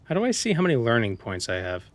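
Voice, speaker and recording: A man's voice: mid-range voice, wildly swooping pitch, quick pace, music in the background. A man streaming a video game, chatting casually, joking, and reading dialogue aloud. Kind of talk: casual gameplay commentary.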